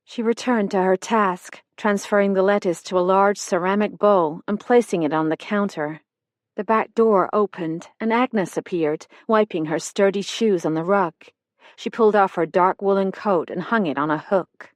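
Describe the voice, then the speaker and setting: A woman narrates a mystery audiobook in a measured, even voice. Her pitch sits in the middle range. The studio sound is dry and close. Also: no echo. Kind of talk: scripted narration.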